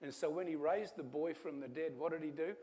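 Pastor guy preaching, pretty high voice, goes from quiet to booming, chuckles now and then. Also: a little fast. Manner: storytelling preacher, swings from hushed to loud. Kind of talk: sermon.

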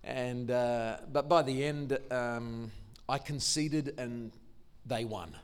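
This older man, speaking with an Australian accent, is a Christian musician and speaker sharing a testimony sermon in church. He tells his story enthusiastically but slowly, in a clear, resonant, mid-range voice.

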